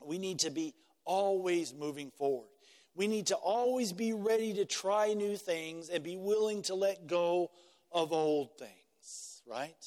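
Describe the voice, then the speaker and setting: A man's voice: sits high, measured pace, darkish tone, in a large hall. A male pastor delivering a conversational sermon, repeating phrases and often checking in with "right?".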